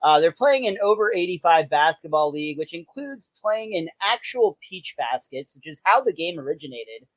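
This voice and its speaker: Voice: medium pitch, normal speed, hardly any pauses, no echo. Laid-back podcast host recapping episodes. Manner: relaxed, lots of uh fillers, laughs easily. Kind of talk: casual episode recap chat.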